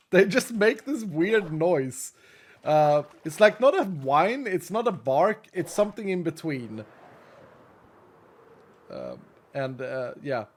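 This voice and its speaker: Chatty male streamer, slightly high voice. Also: very animated, slow, pauses often. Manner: chatty, laughs often, talks to chat. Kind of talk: casual live-stream chat while gaming.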